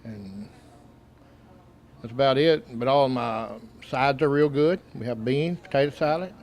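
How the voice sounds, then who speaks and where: A man's voice: medium pitch, measured pace, a little mellow. Plain-spoken restaurant owner from Tennessee, a man. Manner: plain-spoken, brief, modest. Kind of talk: casual interview answers.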